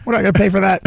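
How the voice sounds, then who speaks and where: A man's voice: sits high, creaky. A man co-hosting comedy talk radio in a studio, wisecracking and cackling. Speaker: radio co-host.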